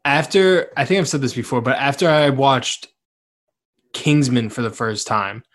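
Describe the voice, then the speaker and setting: A young man trades jokes in a loose conversation, teasing his co-host. His voice sits at an ordinary middle pitch and sounds plain and natural. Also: moderate pace. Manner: jokey, teasing. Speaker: podcast co-host. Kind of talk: casual chat.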